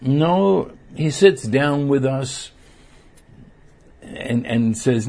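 A man preaches a sermon earnestly but haltingly, often repeating words while searching for the right one. His mid-range voice is expressive, gravelly and mellow.

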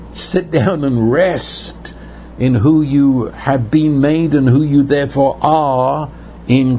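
Man, sermon, earnest, unhurried, faint room ambience behind. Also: a little high, a little mellow, a little hiss or hum. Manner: earnest, repeats words, slows for emphasis. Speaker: preacher.

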